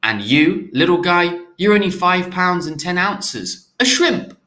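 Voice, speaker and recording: A man voicing a gentle male nurturer who coos at newborns in sing-song baby talk. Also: high voice, big pitch swings, unhurried, echoey room, pitched above the performer's own voice, full character voice. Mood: cooing.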